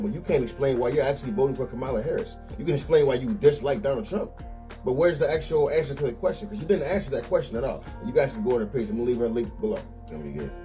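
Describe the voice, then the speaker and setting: A man's voice: mid-range voice, mellow. A man hosting a casual reaction video, commenting in a laid-back, dismissive way with chuckling asides. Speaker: host reacting to clips.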